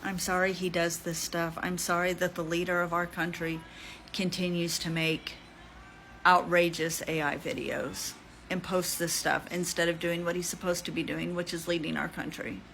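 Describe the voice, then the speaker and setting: A woman's voice: fairly low pitch, flat delivery, normal speed, creaky, a bit bright, a little hiss or hum. A middle-aged woman vlogging her reaction to camera, exasperated and apologetic, speaking with emotion.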